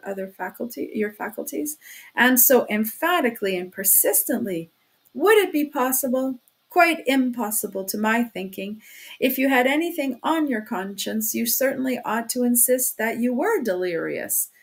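A sly male criminal investigator, as a woman reads him in an audiobook chatters on in a chummy, teasing way, dropping hints as he probes. The voice sits fairly high and comes across a bit raised and pushing. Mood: sly, probing. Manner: talkative, teasing, insinuating. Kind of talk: audiobook reading.

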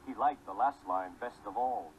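A man narrating a children's story with lively, expressive storytelling. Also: lowish voice, moderate pace, a little hiss or hum, rough recording.

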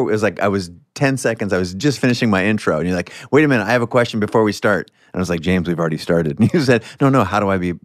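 A man's voice: low voice, no room sound, studio quality. A man who is a podcast guest, explaining his ideas with enthusiasm and emphasis. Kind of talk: conversational interview.

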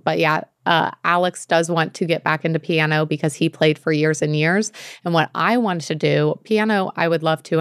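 Chatty young American woman, low and dry. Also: no echo. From United States. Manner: chatty, rambling, heavy on filler words. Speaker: podcast co-host. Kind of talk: casual chat.

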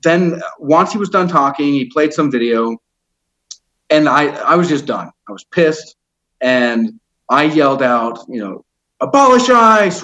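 A man with a fairly high, fairly bright voice tells his story as an interview guest, heated and rambling, swearing often and tripping over fillers. It's casual storytelling on a rough recording.

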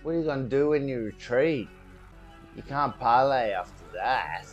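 A man hosting a reaction video, talking casually and excitably and swearing freely as he comments. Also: medium pitch, moderate pace, lo-fi sound, faint music behind.

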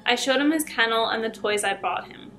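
A woman YouTuber reading short scary stories aloud in a chatty, expressive way. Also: fairly high pitch, brisk, slight background noise. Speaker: YouTube storyteller.

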